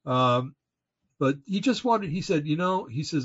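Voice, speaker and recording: A man's voice: a little high, sing-song, moderate pace, a bit bright, slightly rough. A man co-hosting a casual political talk show, ranting indignantly with many fillers and restarts. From Oregon, United States. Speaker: podcast co-host. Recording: slightly dull lo-fi audio.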